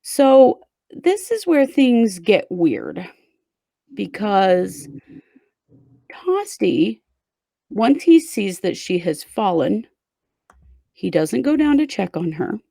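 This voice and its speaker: Woman host telling a true crime case to her cohost, gravelly, dark mellow tone, dry sound. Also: mid-range voice, sing-song, slow pace, pauses often, no echo. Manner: conversational, recounts events step by step. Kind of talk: casual case retelling to a co-host.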